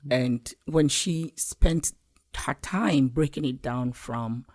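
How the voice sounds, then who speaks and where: A woman's voice: very deep voice, slow, a little mellow. Cameroonian woman guest, earnest and reflective. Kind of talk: casual interview conversation.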